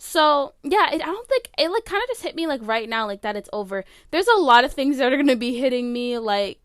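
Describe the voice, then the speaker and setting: A woman's voice: high voice, big pitch swings, brisk, a bit bright, clear, resonant tone, no room sound, clean studio sound. A teenage girl hosting her own podcast, rambling casually with lots of fillers and open emotion. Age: late teens. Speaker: podcast host. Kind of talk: casual solo podcast chat. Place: her bedroom.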